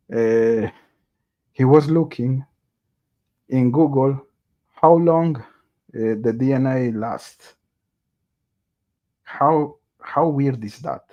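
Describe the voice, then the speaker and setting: The audio is dull, and this man's voice sits in the mid range. Hosting a casual true crime livestream, he hesitates a lot, fills gaps with filler sounds, restarts his sentences, reads viewer chat aloud, and greets viewers.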